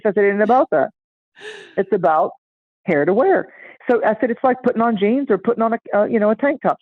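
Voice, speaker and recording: A middle-aged woman chatting casually and telling a lively story, acting out the voices of the people in it. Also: medium pitch, quick pace, dry recording. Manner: animated, acts out voices in anecdotes. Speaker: astrology guest. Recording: tinny phone-like line, dry.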